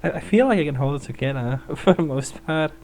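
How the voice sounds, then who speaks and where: A woman's voice: deep voice, expressive, brisk, a little mellow, low-quality recording. A woman hosting a let's play, rambling through casual gameplay commentary and laughing often.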